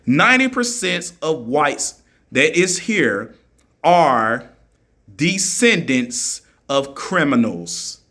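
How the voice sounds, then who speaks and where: Forceful, argumentative man. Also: on the high side. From United States. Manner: argumentative, mocking, repeats his points for emphasis. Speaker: vlogger answering critics. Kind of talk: heated monologue rant.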